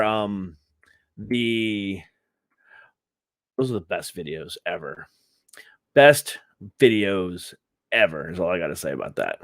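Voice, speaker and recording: A man's voice: mid-range voice, fairly bright tone, no echo, clean studio sound. A man hosting a live stream, giving sarcastic, rambling commentary with laughs.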